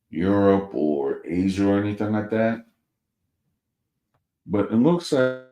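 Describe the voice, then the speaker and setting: Slow, deep-voiced man hosting a stream. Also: dark tone. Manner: slow, halting, many restarts and fillers. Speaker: show host. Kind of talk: casual live-stream talk.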